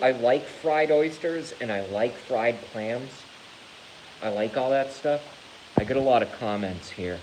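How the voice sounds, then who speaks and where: A man vlogging to his channel in a casual rant, animated and theatrical, swearing freely. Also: mid-range voice, measured pace, a little hiss or hum, low-quality recording. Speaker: YouTube vlogger.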